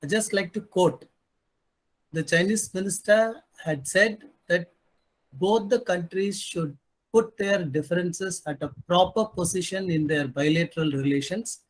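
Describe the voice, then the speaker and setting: A man's voice: high-pitched, unhurried. A man speaking as a panelist, emphatic and sarcastic, often answering his own rhetorical questions. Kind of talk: panel discussion commentary.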